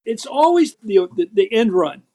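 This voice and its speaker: A man's voice: high voice, very animated, moderate pace, dark tone. An older man from Philadelphia with a Philadelphia accent, a guest in an interview, talking emphatically and telling stories, acting out the quotes he tells. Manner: emphatic, storytelling, acts out quotes. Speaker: guest, former TV political host. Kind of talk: animated interview talk.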